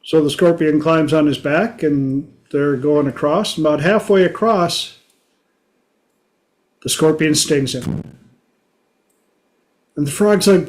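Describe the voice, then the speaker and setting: Slow folksy man hosting a talk show. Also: fairly high pitch, a little mellow. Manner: folksy, unhurried, storytelling. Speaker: podcast host. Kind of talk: casual monologue.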